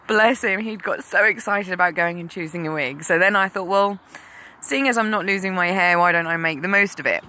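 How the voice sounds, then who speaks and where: Talking to camera at a moderate pace, an English mother shares her own story of cancer in a lowish voice with a sharp tone. She's candid and says um a lot.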